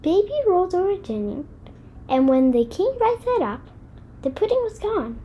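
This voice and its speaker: A woman reading a children's book aloud in an expressive, deliberate way. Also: very high voice, highs cut off, a little hiss or hum. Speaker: storybook reader.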